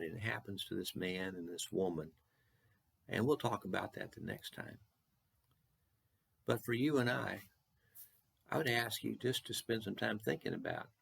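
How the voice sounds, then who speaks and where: A preacher from Texas delivers a short devotional with a gravelly, somewhat husky voice. He speaks earnestly, rising for emphasis and slowing down to repeat his questions. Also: sits low, fairly bright tone.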